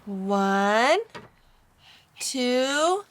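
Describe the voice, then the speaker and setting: Woman parent, high swooping parentese, drawn-out words. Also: lively intonation. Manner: slow, sing-song and exaggerated. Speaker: parent playing with her baby. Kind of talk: parentese baby talk.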